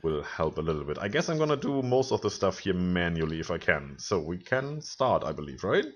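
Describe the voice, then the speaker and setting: A man's voice: deep voice, very animated, a little fast, muffled recording. A man co-hosting a let's play, chatting casually and planning strategy aloud as he plays. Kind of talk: casual gameplay commentary.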